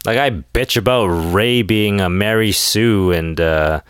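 A man with a low, fairly deep voice talks solo in a loose, rambling rant full of "like" and sarcastic asides. He sounds a little tired, as it is late at night. The sound is dry and close, with no room echo. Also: slow, fairly bright tone, clear, resonant tone. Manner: rambling and sarcastic, heavy use of "like". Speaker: podcast host.

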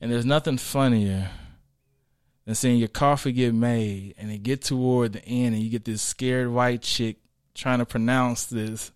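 A man, a comedian, chatting casually and telling animated, laughing stories. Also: mid-range voice, measured pace, smooth. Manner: animated storyteller, laughs often. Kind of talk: casual chat.

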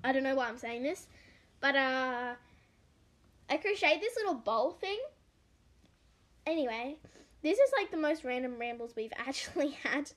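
Aussie girl rambling and giggling on a zoom call, high voice. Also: lively intonation, moderate pace, long pauses, background noise. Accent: Australian. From Australia. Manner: giggly, rambling, lots of fillers. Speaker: podcast co-host. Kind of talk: casual chat. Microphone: video call.

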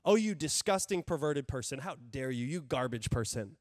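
A man's voice: medium pitch, expressive, normal speed, a little mellow, no echo, studio quality, pitched below the performer's own voice, close to an everyday voice. A man voicing the devil as a sneering, accusing male spirit that taunts a listener. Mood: contemptuous. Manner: scornful, taunting.

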